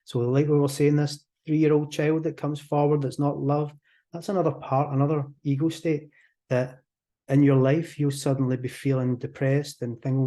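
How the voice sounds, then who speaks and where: A man with a Scottish accent, a hypnotherapist guest on a podcast, explaining quickly and animatedly, sometimes acting out example voices. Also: on the high side, little pitch movement, dark tone.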